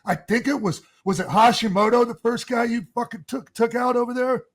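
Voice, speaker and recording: A man hosts a loose, casual conversation in a notably high voice. He swears freely and keeps tacking "man" onto the ends of his sentences. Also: a little fast. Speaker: host. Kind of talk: casual chat.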